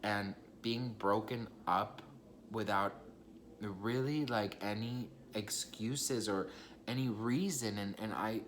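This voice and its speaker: A young man in a casual storytime vlog, his voice sitting a little low. He chats in a gossipy, confiding way, swears freely and keeps turning to his viewers as if they were friends. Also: fairly even intonation, slow, fairly bright tone, slight background noise. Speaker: vlogger.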